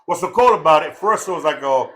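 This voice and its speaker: A man's voice: a little high, animated, quick pace. Rowdy, profane man giving a eulogy. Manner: profane, loud and jokey, breaks into laughter. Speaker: speaker at a memorial gathering. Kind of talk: rambling, joking eulogy speech.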